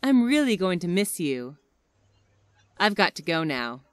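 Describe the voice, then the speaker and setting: Slow, lilting woman reading practice phrases. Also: lowish voice, very animated. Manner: slow, deliberate phrase-by-phrase delivery. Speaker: English teacher.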